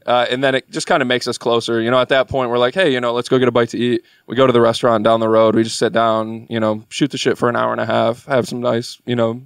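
Young man, podcast guest, rambling casual storytelling, filler words, mid-pitched voice, dry sound. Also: little pitch movement, fast talker, vocal fry, hardly any pauses, smooth, no echo. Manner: rambling, filler-heavy delivery.

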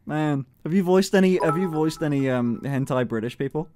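A man's voice: fairly high pitch, a little fast, noisy background. A young man streaming live, casually chatting, flustered and stammering with nervous laughs.

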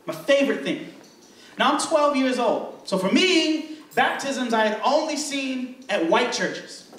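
A young man doing stand-up, telling a story in an animated, crude, self-mocking way on a club stage. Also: very high voice, a little slow. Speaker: stand-up comedian. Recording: roomy stage sound from a distant mic.

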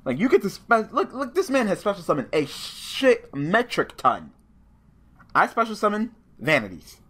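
A man's voice: high-pitched, moderate pace, breathy edge. A man giving casual live commentary on his online card game match, swearing freely and talking at his opponent. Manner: profane, excitable, talks to his opponent.

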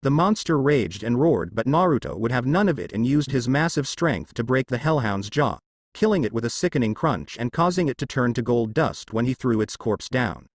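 Brief: male fan-fiction narrator, expressive, dry close read. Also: mid-range voice, moderate pace, no room sound. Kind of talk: reading fan fiction aloud.

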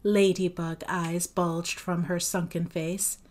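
A woman teacher reading a novel aloud in a measured, expressive storytelling manner. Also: on the low side.

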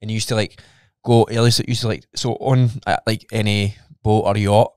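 A man's voice: lowish voice, level tone, fairly quick, a little mellow, clean tone, no room sound. Laid-back Scottish man, dry close sound. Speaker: podcast co-host. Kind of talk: casual chat.

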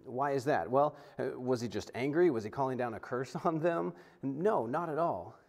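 A man's voice: mid-range voice, normal speed, gravelly. A man, a pastor, preaching a sermon in a conversational way, often stumbling and restarting and acting out quotes. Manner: conversational, animated, frequent restarts and acted-out quotes.

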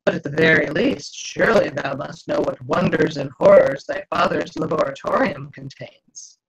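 A wheedling male spirit speaks in old-fashioned, theatrical phrases, as a woman reads him aloud. The voice is husky with a gravelly rasp, and the audio sounds dull and lo-fi. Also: sits low, moderate pace, exaggerated voice. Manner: archaic, coaxing, theatrical. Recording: dull lo-fi video call audio.

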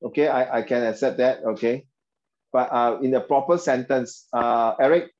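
A man's voice: medium pitch, normal speed, darkish tone. Singaporean guy tutoring english, talky, keeps saying okay and right, kinda muffled. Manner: chatty, mixes in Mandarin, frequent okay and right. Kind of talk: online class teaching.

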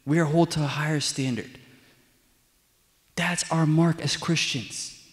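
A man's voice: a little high, fairly even intonation, measured pace, long reverb tail. A man preaching a sermon as a deacon, telling stories conversationally and repeating his key lines. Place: church sanctuary.

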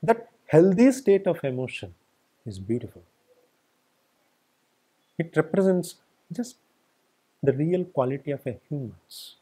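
A male spiritual teacher delivers a satsang talk in a fairly high, husky voice. His pitch rises and falls animatedly as he stacks up repeated phrases for emphasis. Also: big pitch swings, unhurried, pauses often, mellow. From India. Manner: emphatic, repetitive lists. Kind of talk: satsang discourse.

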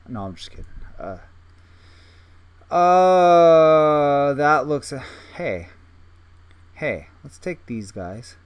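A young man casually thinking aloud while playing a game, self-mocking and full of restarts. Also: fairly low pitch. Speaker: gaming video host. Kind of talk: casual gameplay commentary.

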